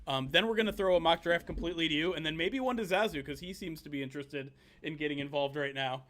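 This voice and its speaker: A man hosting a live video stream, talking casually with lots of fillers and quick bursts, speaking through a video call mic. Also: a little high, a bit bright, a little hiss or hum. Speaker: host.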